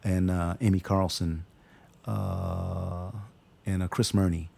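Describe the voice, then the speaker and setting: A man's voice: low voice, level tone, vocal fry, mellow, breathy edge. A man being interviewed about his acting work, talking casually, restarting and repeating words as he goes. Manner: halting, repeats words, demonstrates voices. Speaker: actor, interview guest.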